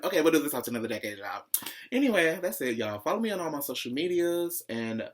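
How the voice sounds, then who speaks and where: A man hosting a pop-culture commentary vlog, talking in a sassy, profane, opinionated way and jumping higher in pitch when excited. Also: fast. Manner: profane, sassy, calls viewers "child"; opinionated ranting, swings high when excited. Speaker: vlog host.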